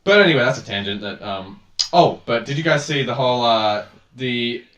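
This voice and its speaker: Rambling man, bright and roomy. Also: mid-range voice, lively intonation, moderate pace, lo-fi sound. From Australia. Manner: rambling, filler-heavy, swearing. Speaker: podcast co-host. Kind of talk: casual chat. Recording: roomy, distant mic.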